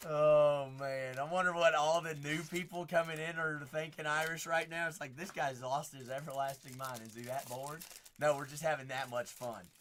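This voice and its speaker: A man's voice: fairly high pitch, moderate pace, slight background noise. A man hosting a live card break, chatting and exclaiming as he opens packs. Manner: excitable, exclaiming, chatty asides.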